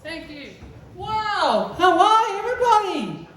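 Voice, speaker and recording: A man's voice: very high-pitched, sing-song, slow. A man doing a crude, rambling open mic stand-up set in a comedy room. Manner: crude, rambling, mimics sounds. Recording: very echoey room, faint background noise.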